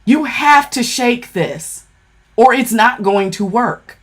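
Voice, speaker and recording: A woman's voice: on the high side, animated, takes it slowly. A woman giving a casual makeup product review, blunt and profane, who keeps checking in with "okay?". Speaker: beauty vlogger.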